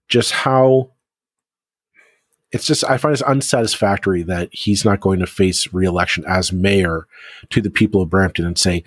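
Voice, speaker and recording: A man's voice: sits low, no echo. A man co-hosting a podcast, chatting casually about local politics with many restarts and fillers. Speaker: podcast co-host.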